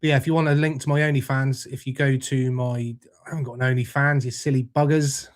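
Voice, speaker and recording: A fast-talking British man with a mid-range voice and little pitch movement hosts a casual livestream. He responds to viewer comments with relaxed, joking banter and frequent swearing.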